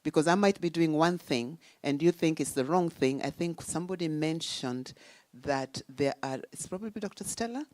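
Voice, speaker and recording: A woman with a low voice gives a symposium talk. She lectures with rhetorical questions and firm emphasis. The sound is dry and close. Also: moderate pace, darkish tone, dry recording. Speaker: symposium speaker. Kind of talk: academic talk. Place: conference hall.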